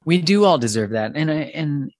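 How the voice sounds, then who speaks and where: A man hosting a podcast, speaking in an earnest, thoughtful way and often pausing to find his words. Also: a little high, lively intonation, darkish tone, no room sound. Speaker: podcast host. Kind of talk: casual podcast conversation.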